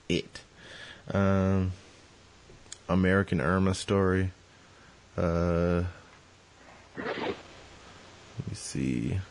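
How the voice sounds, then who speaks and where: A man hosting a podcast in casual chat, rambling and joking with lots of fillers and restarts. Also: sits low. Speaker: podcast host.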